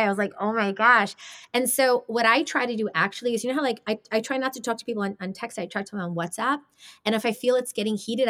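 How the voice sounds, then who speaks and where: Animated woman on a podcast. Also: medium pitch. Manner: animated, acts out tones of voice, laughs often. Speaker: podcast guest. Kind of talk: conversational podcast discussion.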